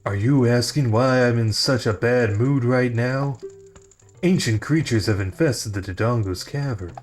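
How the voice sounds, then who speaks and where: A man voicing the huge, angry male chief of a rock-creature race from a video game, reading his lines in a slow, stern, blustering way. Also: mid-range voice, faint music behind, lightly acted. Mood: grumpy.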